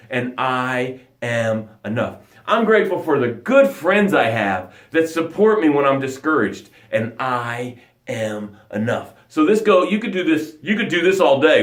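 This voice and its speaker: A man coaching viewers on a live motivational broadcast, acting out quoted voices. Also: fairly high pitch. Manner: animated, acts out quoted voices. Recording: roomy echo.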